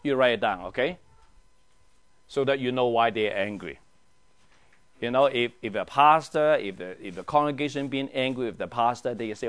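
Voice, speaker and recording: Animated pastor, questioning his class. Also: medium pitch, moderate pace, pauses often. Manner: animated, asks the group questions, drops to a hushed tone for emphasis. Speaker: pastor leading a Bible study. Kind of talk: teaching sermon.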